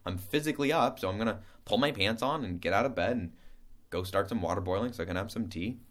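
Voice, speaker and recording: A man talks through a relaxed lesson in a loose, rambling way. He trips over his own words, restarts, and fills gaps with playful scat sounds. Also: fairly low pitch, fast talker. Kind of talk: casual spoken lesson.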